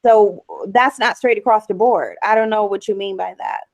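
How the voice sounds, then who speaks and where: A woman's voice: mid-range voice, moderate pace, no room sound, low-quality recording. Blunt opinionated woman guest. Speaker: guest speaker on a talk show. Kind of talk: casual chat.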